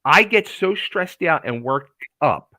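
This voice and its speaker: A man hosting an interview show, talking in an excitable, casual way and swearing now and then. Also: fairly high pitch, slow, dry recording. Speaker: host.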